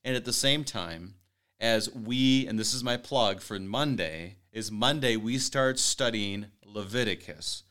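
A man hosting a Bible study radio talk, earnest and quick to laugh, reading scripture aloud. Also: lowish voice, a bit bright. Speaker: host.

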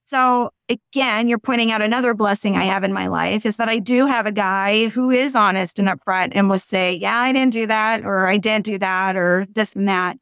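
A middle-aged woman talking frankly and earnestly as a guest on a podcast interview, going on at length and rising high when exasperated. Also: normal speed, hardly any pauses, fairly bright tone, smooth, no echo.

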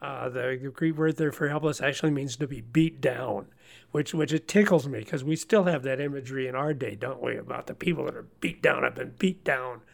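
Earnest gravelly middle-aged man teaching scripture. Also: mid-range voice, fairly quick. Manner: earnest, folksy, repeats words when starting. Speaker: Bible study host. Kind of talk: conversational Bible discussion.

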